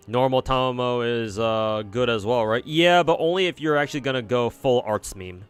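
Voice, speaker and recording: A man's voice: mid-range voice, normal speed, clean tone, soft background music. Rambling, profane male gaming streamer. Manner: rambling, profane, frequent fillers and restarts. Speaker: game streamer. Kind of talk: casual gameplay commentary.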